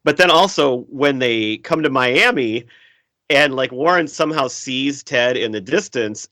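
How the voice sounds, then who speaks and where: Male podcast co-host, animated storyteller, bright tone, dry close sound. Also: mid-range voice, unhurried, dry recording. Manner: animated, acts out movie lines in big voices. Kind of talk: casual film chat.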